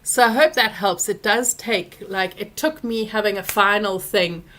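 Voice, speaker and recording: A woman, hosting a live Q&A and telling a personal story, animated when she acts out what others said. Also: medium pitch, unhurried, slight background noise. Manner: animated when acting out quoted people. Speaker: workshop host answering questions.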